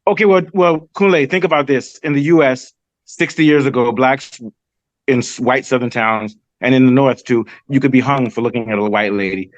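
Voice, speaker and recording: A man hosting a casual political discussion, talking quickly and emphatically. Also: mid-range voice, no room sound. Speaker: podcast host. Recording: dull dry lo-fi audio.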